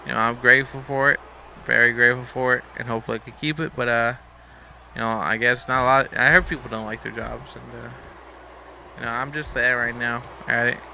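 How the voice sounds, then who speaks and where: A man's voice: medium pitch, steady tone, fairly quick, vocal fry, sharp tone, a little hiss or hum. A young man casually commentating a wrestling video game, rambling, joking and swearing, a bit sleepy. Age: young adult. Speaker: gameplay commentator.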